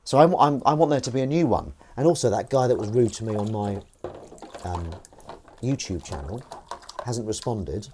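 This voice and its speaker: A man's voice: lowish voice, expressive, normal speed, a little mellow, slight background noise. A man live-streaming as he washes dishes at his kitchen sink, rambling wryly to his viewers as he goes. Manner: chatty, wry, talks while doing chores. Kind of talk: rambling casual chat to viewers.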